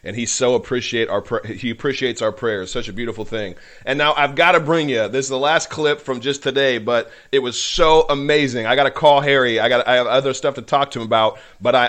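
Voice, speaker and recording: Talking a little fast with few pauses, this podcast host has a medium-pitched, fairly bright voice. His faith-centered commentary is emotional and fervent, delivered like a preacher, rising in passion and sometimes choked up.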